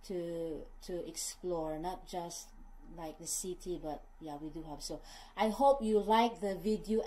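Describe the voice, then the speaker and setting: A woman's voice: lowish voice, darkish tone, rough recording. A woman with a Filipino accent, chatting casually to camera as a vlogger and often calling her viewers "guys" as she corrects herself mid-sentence. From Philippines.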